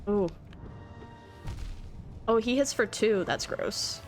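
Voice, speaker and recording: A young woman streaming a game live, chatting with viewers and getting emotional and excited, laughing often. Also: a little high, slow, faint music behind. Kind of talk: live gameplay stream chat.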